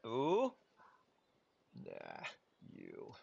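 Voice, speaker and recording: A man's voice: medium pitch, wildly swooping pitch, extremely slow, creaky, mellow, highs cut off, slight background noise. A tired man chatting casually with viewers while he plays through a game. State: tired, yawning. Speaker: game streamer. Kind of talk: casual livestream gameplay commentary.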